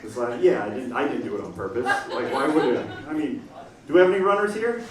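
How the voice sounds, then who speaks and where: A man doing a stand-up comedy set on a small stage, talking in an animated way and dropping into quick silly voices. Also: mid-range voice, reverberant, distant mic, crowd noise. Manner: animated, swings into quick put-on voices for jokes. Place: small comedy stage in front of a live audience. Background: audience laughing and clapping.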